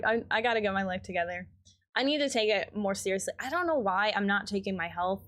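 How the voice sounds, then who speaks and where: Young Midwestern woman, game streamer, rambly casual chat, a bit high-voiced. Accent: Midwestern American. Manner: rambling, filler-heavy, reads chat aloud. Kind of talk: casual chat while gaming.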